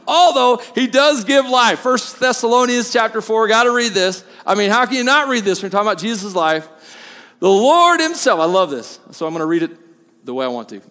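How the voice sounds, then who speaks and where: A male pastor preaching a sermon, moving from quiet asides to loud, emphatic peaks. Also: sits high, big-room sound.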